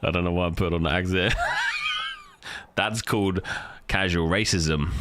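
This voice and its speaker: A man's voice: low voice, measured pace, shouting, very noisy. A man live streaming, chatting casually with his viewers as he reacts, swearing freely and greeting people in chat by name.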